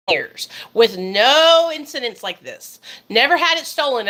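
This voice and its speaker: A woman's voice: a little high, pushed and bright. A woman, telling a story to her viewers in a profane, emphatic way. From Arkansas, USA. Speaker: vlogger. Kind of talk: casual storytime monologue.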